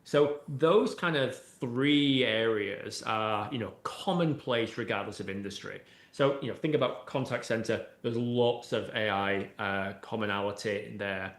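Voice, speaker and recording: Speaking at a measured pace with few pauses, a lowish-voiced man guests on an interview podcast as an AI expert. He explains things at length, conversationally, leaning on many "you know"s and "right?"s. Echo from a roomy space colors the recording.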